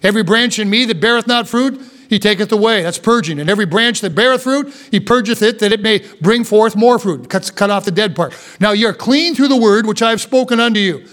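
A male pastor preaching a sermon, reading scripture aloud and explaining it, moving between fervent emphasis and quiet, slowed-down asides. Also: sits high. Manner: reads old scripture wording aloud, then explains it plainly.

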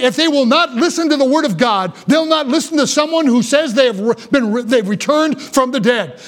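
A male pastor preaching a fervent sermon, sinking low and quiet for solemn warnings and rising when urging his hearers.

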